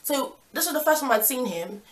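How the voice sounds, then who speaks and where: A young woman tells a casual storytime vlog in a chatty, animated way, now and then jumping into loud outbursts. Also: sits high, brisk. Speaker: vlogger.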